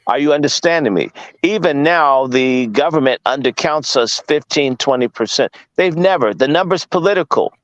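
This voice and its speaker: A man's voice: fairly high pitch, expressive, moderate pace, no echo, low-quality recording. A man from Washington, D.C. giving a casual lecture, firing rhetorical questions at his listeners, blunt and profane. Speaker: guest speaker.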